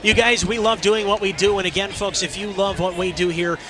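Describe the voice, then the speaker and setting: A man calling a local high school football game, excitable and shouting at big plays. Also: brisk. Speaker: play-by-play announcer. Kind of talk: local sports commentary. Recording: crowd noise behind.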